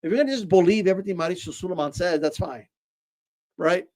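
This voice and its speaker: High-voiced man ranting about boxing. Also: fast talker, darkish tone. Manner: ranting, rhetorical "right?" tags, repeats words, says "bro". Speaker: boxing commentator and host. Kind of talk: opinionated casual commentary.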